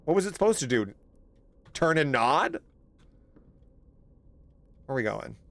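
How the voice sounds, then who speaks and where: Male game streamer, casual, very expressive pitch, giggly and profane. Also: measured pace, gravelly, dry recording. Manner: animated, laughs often, swears, thanks chat. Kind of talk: casual live gameplay commentary.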